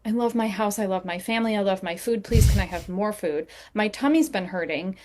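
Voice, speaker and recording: A woman's voice: mid-range voice, a little fast, background noise, close to an everyday voice. A woman speaking as an eager, chatty pet dog. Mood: earnest. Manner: simple childlike statements, one after another.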